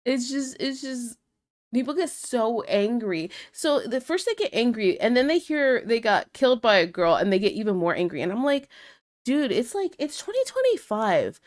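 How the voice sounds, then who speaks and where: A woman's voice: fairly high pitch, animated, moderate pace. A young woman, chatting casually on a live stream, reading chat messages aloud and laughing often.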